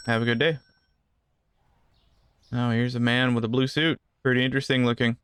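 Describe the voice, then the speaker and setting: A man's voice: medium pitch, level tone, normal speed, a bit bright, slight background noise. A man giving casual gameplay commentary, rambling through asides and joking with the customers in the game. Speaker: gaming channel host.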